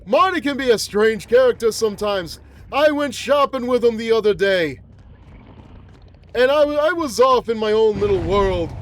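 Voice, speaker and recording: A man's voice: high-pitched, animated, moderate pace, a bit bright, slight background noise. A man voicing a cranky, rambling old man who is a mutated flower-headed monster, grumbling and groaning as he complains. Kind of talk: gameplay roleplay commentary.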